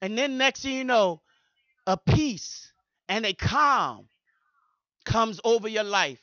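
High bright-voiced preaching pastor. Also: male voice, lively intonation, slow pace, dry recording, highs cut off. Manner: preaching with repeated rhythmic phrases. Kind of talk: sermon.

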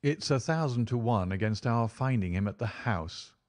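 A man voicing a calm, commanding middle-aged detective in a storybook reading, measured and authoritative. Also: mid-range voice, close to an everyday voice. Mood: urgent.

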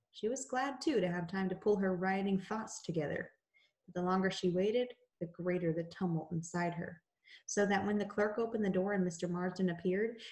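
A woman teacher reading a novel aloud to her class in a measured, unhurried narration. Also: fairly low pitch, darkish tone.

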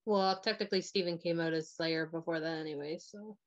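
A woman's voice: on the low side, steady tone, fairly quick. A woman playing a social deduction game, raising matter-of-fact objections. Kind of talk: casual game discussion. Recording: dull lo-fi mic.

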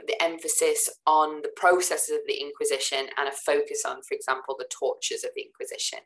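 Woman lecturer, deep voice, casual and filler-heavy, talking through slides. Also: rough recording. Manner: chatty, many ums and "sort of" fillers; relaxed, casual asides to students. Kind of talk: recorded lecture over slides.

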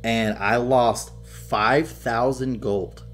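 A man chatting on a podcast in a casual, profane way. He tells gaming stories with lots of energy and bursts into loud mock quotes. His pitch sits in the middle for a man. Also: extremely slow, faint music behind. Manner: animated storytelling, heavy swearing, acts out loud quotes. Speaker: podcast co-host. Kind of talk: casual chat.

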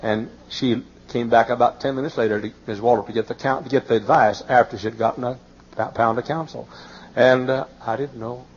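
A man in his late fifties preaching a sermon, telling folksy stories and often crying out in high, excited bursts. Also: fairly quick, husky. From Texas. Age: 50s. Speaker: pastor. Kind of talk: sermon with storytelling. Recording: muffled old sermon tape with faint hiss.

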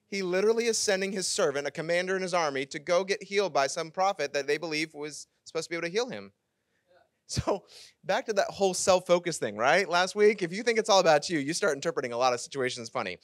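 A male pastor preaching a sermon, retelling a scripture story with animated, casual asides. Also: fairly high pitch, no echo, clean studio sound.

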